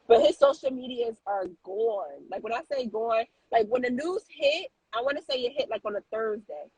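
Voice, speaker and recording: A woman co-hosting a casual podcast, telling a story in an animated way with lots of fillers and restarts. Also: on the high side, normal speed, breathy edge, no room sound, poor audio. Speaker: co-host.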